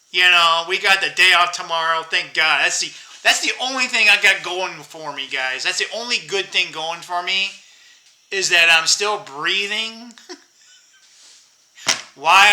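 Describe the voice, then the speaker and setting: A man's voice: high-pitched, pushed and bright, rough recording. A man in his fifties rambling bitterly to his viewers in a casual monologue, swearing and laughing to himself. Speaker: vlogger.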